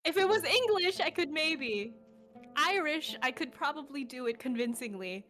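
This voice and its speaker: A woman's voice: high-pitched, lively intonation, normal speed, fairly bright tone, soft background music. Woman, tabletop player, breezy recap, laughs often. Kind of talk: casual chat.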